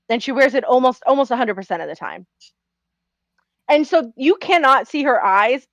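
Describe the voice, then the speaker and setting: A woman's voice: mid-range voice, a bit bright, no echo, highs cut off. A woman playing a tabletop game, casually describing her character with lots of fillers. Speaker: player.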